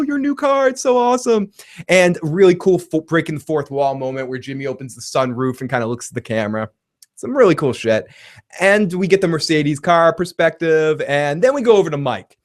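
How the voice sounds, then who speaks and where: A man giving a casual, rambling TV episode recap, swearing freely and chuckling as he goes. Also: medium pitch. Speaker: TV show reviewer.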